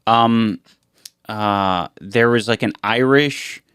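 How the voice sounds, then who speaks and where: A man with a fairly low voice chats casually as a podcast co-host. He rambles and halts with lots of fillers. The sound is dry and close, with no room around him. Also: a bit bright, clean tone, no room sound. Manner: rambling, halting with many fillers. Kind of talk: casual chat.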